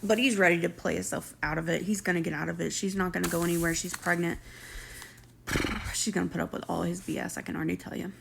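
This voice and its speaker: A woman's voice: fairly low pitch, fairly even intonation, quick pace, gravelly, background noise. A young woman casually recapping a reality show episode, chatty and opinionated with gossipy asides.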